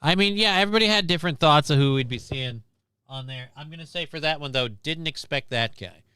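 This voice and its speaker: A man hosting a live stream who wanders off into sarcastic, rambling asides about the news. His voice is smooth and clean, and he sits close to the mic in a completely dead, dry space with no room sound. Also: a little high, brisk, pushed and bright, no room sound. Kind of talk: casual news commentary.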